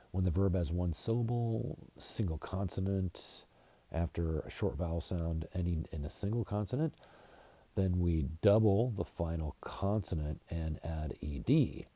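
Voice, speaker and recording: An American man teaching an English grammar lesson, going slowly and deliberately and spelling words out letter by letter. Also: low voice, dark tone, slightly rough. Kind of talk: slide-based grammar lesson.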